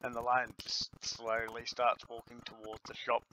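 A man running a tabletop game as game master, narrating in an unhurried, lively way, recorded on a home computer mic. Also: mid-range voice. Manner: unhurried, lively storytelling with light laughter. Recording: dull lo-fi with faint hiss.

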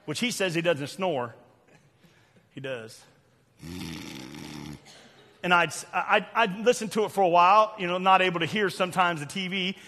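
Older male Southern preacher, high bright voice, fiery sermon in a reverberant sanctuary. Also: normal speed, pauses often. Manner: loud, preachy, sudden shouts and quiet asides. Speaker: pastor. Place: church sanctuary. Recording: long church hall reverb.

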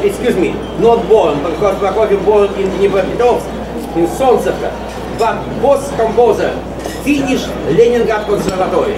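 Older Russian-accented man, echoey distant hall recording. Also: high-pitched. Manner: halting broken English, fervent and solemn. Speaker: guest of honor giving a speech. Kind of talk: emotional stage address to an audience. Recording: echoey archive recording from far off in a hall, loud noise.

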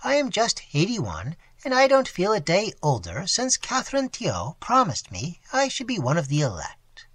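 A man voicing an eighty-one-year-old woman, a credulous zealot who talks in hushed, earnest confidences. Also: high voice, huge pitch swings, moderate pace, few pauses, slightly rough, no room sound, pitched above the performer's own voice, heavily acted. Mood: confiding.

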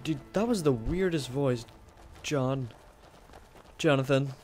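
A goofy young man giving excitable, jokey commentary while he plays a video game. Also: medium pitch, takes it slowly, faint music behind. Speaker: gamer, video host. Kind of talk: casual let's-play commentary.

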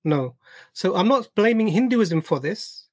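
A man's voice: sits high, expressive, unhurried, a little mellow, dry recording, studio quality. Patient man hosting a debate. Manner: patient, asks leading questions. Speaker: panel host. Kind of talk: live stream debate discussion.

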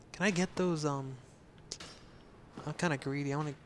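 A young man with a sore throat chats his way through a video game, his voice on the higher side. He talks in a jittery, casual manner and swears freely. A faint hiss sits under the recording. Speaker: let's play host. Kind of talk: casual gameplay commentary.

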